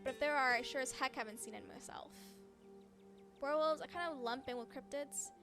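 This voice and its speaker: A woman's voice: high voice, a little fast. A woman voicing an upbeat young cryptid hunter and vlogger, talking in a chatty, earnest way over game music.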